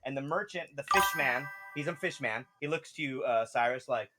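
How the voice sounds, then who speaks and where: A man's voice: medium pitch, fairly quick, bright, forceful tone, faint music behind. A man running a tabletop game as game master, narrating and ruling in a casual, rambling way with frequent laughs.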